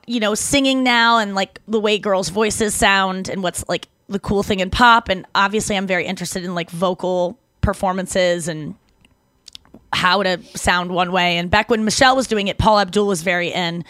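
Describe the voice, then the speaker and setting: A Canadian woman co-hosting a podcast, telling stories in casual chat with lots of "like" and quick self-corrections. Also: medium pitch, fairly bright tone, dry recording. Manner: chatty storytelling, heavy use of "like", quick self-corrections. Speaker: podcast co-host.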